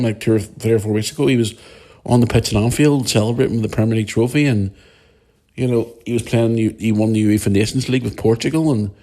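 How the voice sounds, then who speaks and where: A man talks alone into his podcast mic. His voice sits very low and sounds husky and rough. He rambles and gets emotional, and he swears freely. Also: fairly quick, darkish tone. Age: 40s. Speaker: podcast host. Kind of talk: casual monologue.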